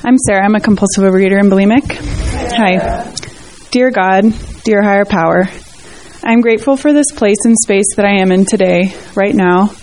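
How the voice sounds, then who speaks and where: A woman in a support group, reading a letter aloud in a soft, measured and sincere way. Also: medium pitch.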